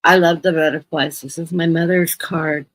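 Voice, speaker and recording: A woman reads tarot cards on a live stream in a husky, breathy voice, recorded close and dry. She talks in a chatty way and repeats words for emphasis. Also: sits low, steady tone, moderate pace, no room sound, poor audio. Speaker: guest tarot reader. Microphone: computer mic on a live stream.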